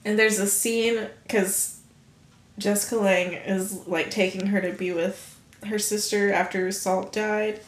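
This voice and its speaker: A young woman co-hosting a podcast in casual chat, animated, laughing often and swearing freely. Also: medium pitch, unhurried. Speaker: podcast co-host. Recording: echoey room.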